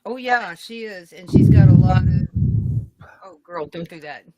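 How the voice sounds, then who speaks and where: A woman's voice: fairly low pitch, measured pace, mellow, highs cut off. A woman co-hosting a casual podcast chat who reacts often and laughs a lot. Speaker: podcast co-host.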